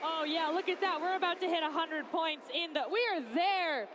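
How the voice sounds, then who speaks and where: A woman commentating a robotics competition live from an arena booth, with excited exclamatory play-by-play. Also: very high-pitched, moderate pace, hardly any pauses, a little hiss or hum.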